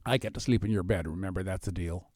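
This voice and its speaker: A man doing a low, coaxing frog. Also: fast, darkish tone, no echo. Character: sly male frog, low and wheedling.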